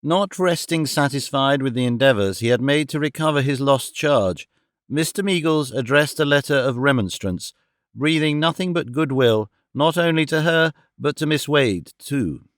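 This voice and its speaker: A man reading a classic novel aloud as an audiobook narrator, in a measured, steady manner. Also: mid-range voice, dry recording, clean studio sound. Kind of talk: scripted narration.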